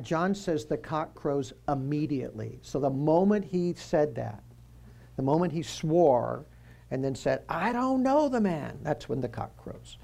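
A man's voice: fairly high pitch, creaky, mellow. A man giving a conversational Bible teaching. He quizzes his listeners and drops joking asides as he walks through the passage.

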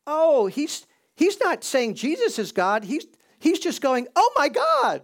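A man putting on a squeaky doorstep visitor. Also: huge pitch swings, slow, heavily acted. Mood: mocking. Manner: squeaky, exaggerated exclamations. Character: mocking doorstep visitor, excited and high-pitched.

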